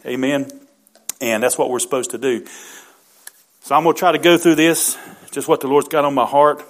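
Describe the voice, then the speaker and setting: A middle-aged man preaching a sermon as pastor, fervent, peppering his talk with amens and building to loud emphatic bursts. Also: medium pitch, fairly even intonation, normal speed.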